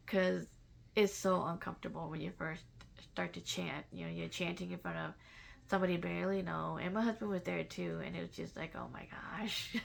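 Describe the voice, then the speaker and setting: A woman casually telling a personal story in a halting, reflective way, with many fillers and restarts. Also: fairly low pitch, creaky. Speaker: vlogger sharing a personal spiritual story.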